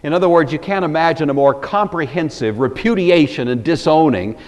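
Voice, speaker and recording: A man's voice: a little high, a little fast, big-room sound. An older man from the Pacific Northwest giving an earnest, emphatic Bible lecture with wry asides, in a plain Pacific Northwest American accent. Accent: Pacific Northwest American English. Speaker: Bible teacher.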